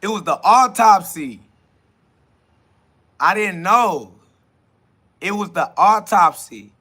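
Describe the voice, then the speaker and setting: A man with a high, bright voice hosts his own podcast in a freewheeling spiritual monologue. He rambles in a conversational way, keeps saying "you feel me," and laughs often. His voice swings between loud bursts and hushed stretches. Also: expressive, slow pace. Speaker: podcast host.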